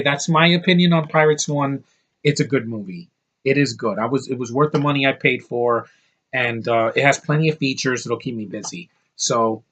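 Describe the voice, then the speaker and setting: A man talks through a movie review in a loose, unscripted way. He is blunt and profane, often stumbling and restarting mid-sentence, at a middling pitch. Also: fairly bright tone. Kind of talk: casual spoken review.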